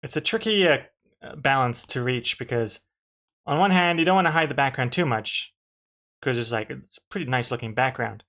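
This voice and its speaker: A man's voice: mid-range voice, moderate pace, pushed and bright. A man, a comic artist, chatting casually to his live-stream viewers while drawing, rambling and restarting his sentences with dry jokes.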